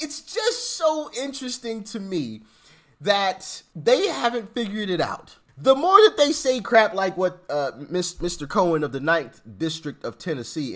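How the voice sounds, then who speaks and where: A man hosting a casual political commentary vlog, animated and repetitive, laughing and mocking as he talks. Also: on the high side. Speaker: channel host.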